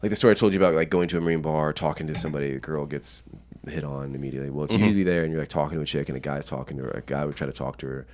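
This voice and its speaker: A man's voice: extremely low pitch, fairly even intonation, very fast, darkish tone. A young American man, a podcast guest, telling stories casually, swearing often and laughing. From United States. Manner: profane, laughing storyteller. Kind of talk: casual storytelling.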